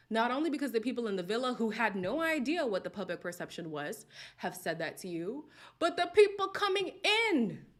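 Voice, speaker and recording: Woman host, casual commentary, sassy and direct, voice swinging up and down a lot. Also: a little high. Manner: animated, sassy, talks straight to viewers. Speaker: reality TV commentator. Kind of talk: casual chat.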